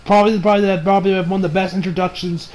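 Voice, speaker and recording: A man's voice: sits high, level tone, racing, darkish tone, rough recording. A young man casually reviewing an anime episode, rambling, swearing and often breaking into laughter.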